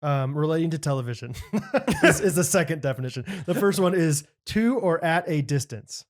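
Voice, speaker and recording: A man's voice: fairly high pitch, expressive, moderate pace. Male co-host with a slightly raised voice, laid-back and joking. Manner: easygoing, joking, chatty. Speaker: podcast co-host. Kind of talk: casual chat.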